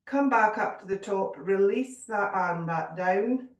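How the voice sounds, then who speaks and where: A woman guiding a yoga class, giving calm, gentle cues with a little humour. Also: medium pitch, a little slow, distant mic, dull audio. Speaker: yoga teacher. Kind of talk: guided yoga class instruction. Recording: echoey room, voice from off mic.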